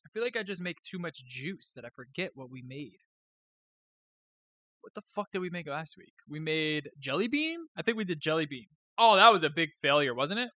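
A man's voice: on the high side, expressive, normal speed, pushed and bright. A man hosting a live stream, chatting casually in a rambling, joking way with some swearing.

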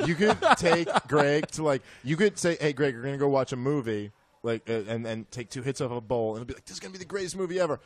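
Man, comic panelist; fast, lively range, dry close mic. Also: medium pitch, no echo. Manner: joking, friendly ribbing. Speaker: comedian panelist. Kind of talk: casual comedic banter.

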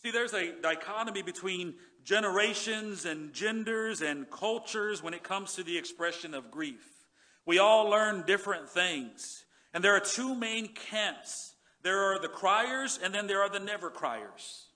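A male pastor preaching a sermon in earnest, repeating words and dropping low and soft when he reads scripture. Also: lively intonation, measured pace. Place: church sanctuary.

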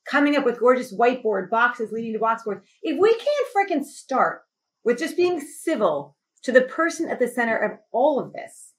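A middle-aged woman telling a personal story as a podcast guest. She speaks with emphatic, animated passion, and her voice rises sharply when she grows indignant. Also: fairly high pitch, brisk. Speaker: podcast guest, company CEO. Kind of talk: impassioned conversational storytelling.

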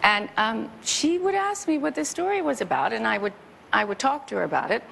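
Gravelly-voiced woman, chatty talk show guest. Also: a little high, fairly quick, slight background noise, rough recording. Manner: chatty, animated storytelling with quoted voices. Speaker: guest musician. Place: television studio.

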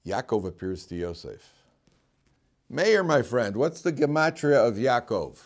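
A man teaching a Torah class as a rabbi, telling stories in a lively way, acting out quotes and often laughing. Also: medium pitch, a little slow. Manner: animated storyteller, acts out quotes and laughs often. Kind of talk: storytelling Torah lecture.

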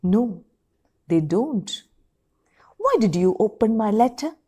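A woman voicing an indignant, angry wife who hurls shrill accusations. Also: big pitch swings, slow pace, dark tone, breathy edge, heavily acted. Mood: furious.

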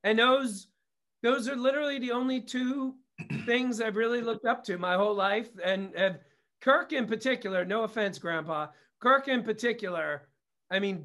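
A man's voice: high-pitched, normal speed, sharp tone. A middle-aged man, a guest on an interview show, telling family stories in a casual, candid way, swearing freely and wandering into asides. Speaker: guest, comedy producer and director.

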